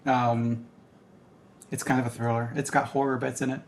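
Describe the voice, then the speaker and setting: A man with a mid-pitched, gravelly voice chats casually about movies on a podcast. He is easygoing and friendly, and he fills the gaps with agreeing murmurs and light laughter while faint background noise hangs under him. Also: level tone, normal speed. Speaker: podcast co-host. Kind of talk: casual movie-review chat.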